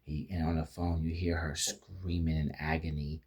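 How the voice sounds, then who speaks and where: Man, deep voice, husky, casual movie review, rambling, lots of restarts and fillers. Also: flat delivery, moderate pace, a little mellow. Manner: retells scenes by acting out quoted lines. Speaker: film reviewer.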